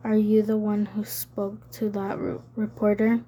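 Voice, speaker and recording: A woman's voice: mid-range voice, monotone, unhurried, warm tone, natural voice. A woman voicing a tense, defiant teenage girl who speaks coldly and with menace. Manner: cold, threatening.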